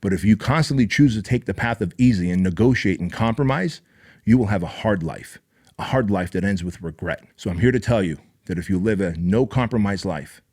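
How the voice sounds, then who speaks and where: A man's voice: fairly low pitch, lively intonation, fairly quick, darkish tone, breathy edge. A middle-aged man hosting his show, giving a blunt, profane, fired-up motivational monologue straight to his listeners. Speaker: podcast host.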